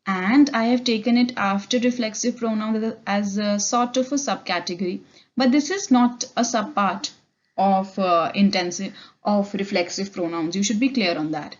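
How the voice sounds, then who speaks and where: An English olympiad teacher, a woman with an Indian English accent, gives a patient classroom lecture on English grammar, switching between Hindi and English mid-sentence. Her voice is mid-range at normal speed, and the sound is lo-fi.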